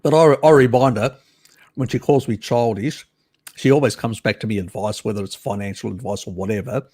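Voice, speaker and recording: A man's voice: fairly low pitch, a little fast, darkish tone, breathy edge. A man hosting a casual live stream, chatting with viewers in a teasing, cheeky way and laughing often.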